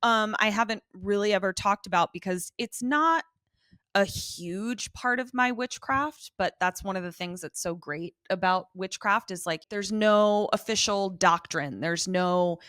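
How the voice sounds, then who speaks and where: A woman's voice: mid-range voice, unhurried, a bit bright, no echo, studio quality. A woman co-hosting a podcast, talking in a chatty, casual way with lots of fillers. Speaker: podcast co-host. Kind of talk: casual chat.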